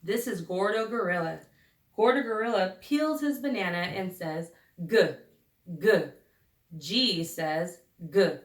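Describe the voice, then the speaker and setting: A woman teacher leading a phonics lesson for young children, sounding out each letter slowly and deliberately. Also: mid-range voice, lively intonation, a little hiss or hum. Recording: echoey room, recorded from a distance.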